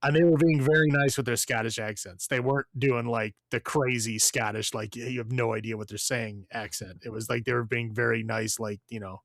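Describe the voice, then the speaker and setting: A man's voice: mid-range voice, fairly even intonation, fairly quick, creaky, few pauses, fairly bright tone, no echo, studio quality. A man co-hosting a podcast, giving a blunt, profane, rambling movie review with lots of fillers. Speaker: podcast co-host. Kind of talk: casual movie review chat.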